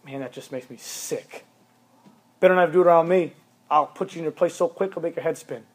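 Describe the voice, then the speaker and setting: Speaking a little fast in a somewhat high voice, this man in his thirties preaches to teens as a youth pastor. His sermon drives every point home emphatically, with commands repeated for emphasis.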